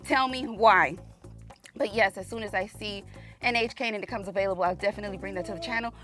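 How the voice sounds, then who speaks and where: In a fast, mid-range voice with a fairly bright tone, the host of a firearms channel vlogs casually from an outdoor range, faint music behind her. Chatty and exclamatory, she calls viewers "y'all" and is slightly out of breath in the humid heat.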